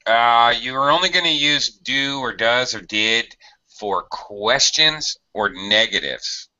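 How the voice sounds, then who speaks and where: A man's voice: mid-range voice, lively intonation, takes it slowly, sharp tone, muffled recording. A man teaching English to a small online group, explaining grammar patiently and acting out example sentences.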